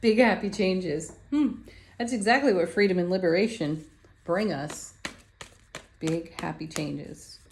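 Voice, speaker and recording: A woman with a lowish voice gives a spiritual tarot reading in an affirming, gentle manner. She laughs softly between thoughts as she lays out the cards. A faint noise sits under the recording. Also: measured pace. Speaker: tarot card reader.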